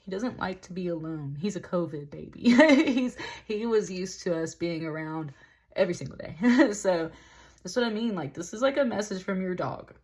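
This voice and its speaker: A woman with a slightly low voice talks through a tarot reading in a casual, loose way. She rambles, fills her sentences with "like", and sometimes breaks into a laugh. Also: a little mellow. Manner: rambling, heavy use of "like", with laughs. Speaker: tarot reader.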